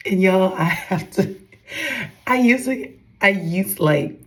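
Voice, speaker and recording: A woman's voice: medium pitch, animated, takes it slowly, rough recording. A young woman giving a casual devotional talk to her followers, chatty and calling out to her viewers, acting out others' voices as she retells talks. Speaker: faith vlogger.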